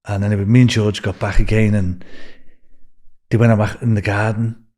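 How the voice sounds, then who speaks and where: A man's voice: on the low side, little pitch movement, moderate pace, darkish tone. An older man with a Liverpool accent, a podcast guest telling long anecdotes with restarts and swearing. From England. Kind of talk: storytelling in a podcast interview.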